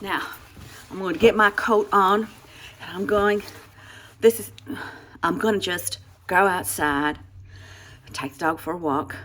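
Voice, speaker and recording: A woman's voice: medium pitch, fairly even intonation, measured pace, pauses often, fairly bright tone, a little hiss or hum. A woman in her sixties venting in a rambling comic monologue, exasperated, with frequent sighs and restarts. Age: 60s. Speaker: comedic vlogger playing a satire version of herself.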